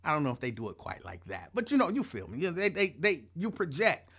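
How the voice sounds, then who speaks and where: A man with a fairly high, husky voice talks fast while hosting his own live show. It's a casual live-stream rant, animated, rambling, playful, and colloquial, full of storytelling and phrases repeated for emphasis.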